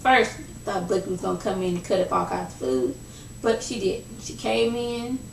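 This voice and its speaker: A young woman chats through a reality show recap with a gravelly edge, dropping into a lower voice when she acts out what the cast said. She sounds a little off-mic, in an echoey room. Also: moderate pace, distant mic, a little hiss or hum. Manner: chatty, gossipy, acts out quoted lines in lowered voice. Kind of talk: casual recap vlog.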